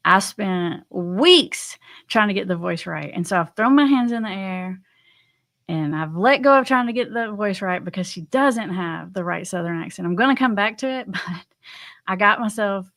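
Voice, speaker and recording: A woman's voice: lowish voice, fairly bright tone. A woman hosting a casual live stream, chatting to her viewers in a loose way with frequent ums and light laughs.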